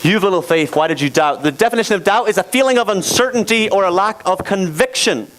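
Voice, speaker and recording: A youth teacher with a high-pitched voice talks fast into a handheld microphone, captured on a low-quality recording. He leads a playful, interactive Bible lesson, laughing and animatedly directing volunteers in a skit.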